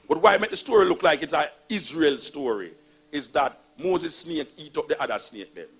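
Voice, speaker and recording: Man, Jamaican accent, gravelly, husky, animated storytelling talk. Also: on the high side. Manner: emphatic, animated, mocking retellings. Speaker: speaker on religion. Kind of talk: storytelling monologue.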